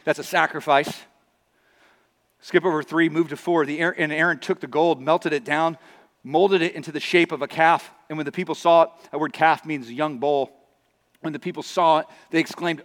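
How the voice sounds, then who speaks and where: A man's voice: on the high side, fairly even intonation, moderate pace, fairly bright tone. A man preaching a sermon as pastor, conversational with acted asides. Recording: long reverb of a large hall.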